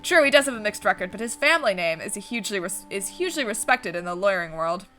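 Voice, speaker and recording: A woman's voice: medium pitch, animated, fast talker, pushed and bright, faint music behind. A woman reading the lines of a suave male fox private investigator from a game, formal and courteous. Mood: smooth.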